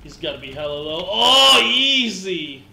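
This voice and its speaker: A man streaming a shooter game, laughing, swearing and shouting excitedly at teammates. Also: high voice, unhurried, creaky, roomy sound, a little hiss or hum. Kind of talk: casual gameplay chat.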